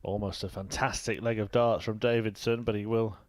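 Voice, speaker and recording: A man commentating on a darts match in a chatty, relaxed way. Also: fairly low pitch, fairly quick, noisy background. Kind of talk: live sports commentary.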